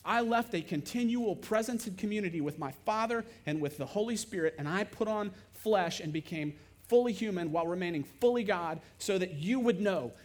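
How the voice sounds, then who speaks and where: A man voicing an indignant, frustrated Jesus who fires off emphatic questions, in a dramatized sermon monologue. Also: sits high. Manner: exasperated, emphatic rhetorical questions.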